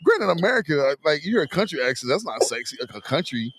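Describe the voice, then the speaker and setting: Rambling man with a lively swooping voice. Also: on the high side, fast. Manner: rambling, repeats words, bursts into loud laughs. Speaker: podcast co-host. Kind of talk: casual chat. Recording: noisy podcast recording.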